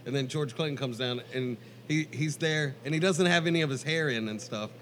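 Relaxed man telling a casual anecdote. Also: mid-range voice, fairly quick, a little hiss or hum. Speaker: podcast co-host. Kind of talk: casual chat.

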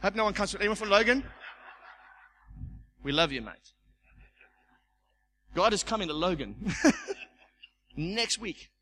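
A man preaching a sermon as pastor, animated, stumbling over repeated words and acting out the voices he quotes. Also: high voice, unhurried, long pauses, rough recording. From South Africa.

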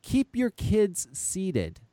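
A man's voice: high-pitched, huge pitch swings, extremely slow, warm tone, dry recording. A man in his forties hosting a podcast, ranting in a profane, exasperated way in talk-radio commentary. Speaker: podcast host.

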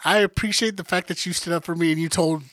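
A man's voice: high voice, steady tone, fast, fairly bright tone, no echo. A man hosting a podcast in casual banter, laid-back and slangy, with joking interjections.

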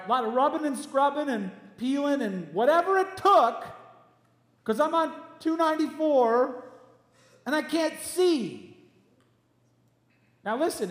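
A man preaching a sermon as pastor of his church, emphatic and animated, with quick asides. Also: high-pitched. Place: church hall. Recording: echoey church hall.

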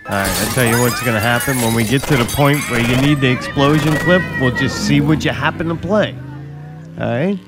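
A man's voice: mid-range voice, brisk. A man co-hosting a show, blunt and teasing, swearing freely. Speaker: co-host. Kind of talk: casual banter. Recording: loud music behind.

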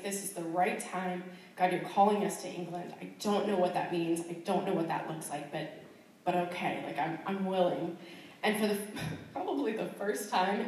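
A woman's voice: medium pitch, slight background noise. A woman missionary telling her personal testimony in a chatty way, full of fillers and laughs, in a church hall. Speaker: missionary sharing her calling. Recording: very echoey room, far from the mic.

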